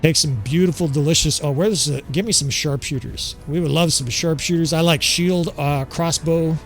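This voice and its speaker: A man's voice: a little high, normal speed, soft background music. A man giving casual gameplay commentary as the channel host, candid and swearing freely, talking to viewers as fellas.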